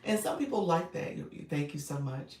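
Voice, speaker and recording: A woman's voice: deep voice, lively intonation, brisk, mellow. A woman with a Chicago accent, a livestream coach chatting casually on a live stream, greeting viewers by name and laughing often. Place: home setup with phone on a stand. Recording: echoey room, mic at a distance, faint noise.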